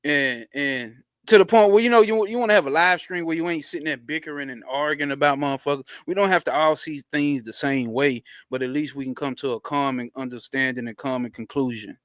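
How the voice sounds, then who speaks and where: A man hosting a casual livestream from home into a close mic, using loose, slangy street talk and a lot of swearing. He greets viewers by name and gets excited fast. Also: no room sound. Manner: swearing, excitable, jumps up in pitch when hyped. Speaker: livestream host.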